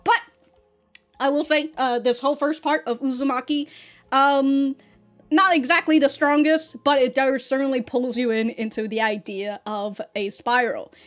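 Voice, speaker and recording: Brief: anime reaction host, woman, high-ish voice, excitable, laughs and swears a lot, soft music under her. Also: moderate pace. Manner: excitable, profane, laughs often. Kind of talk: casual reaction commentary.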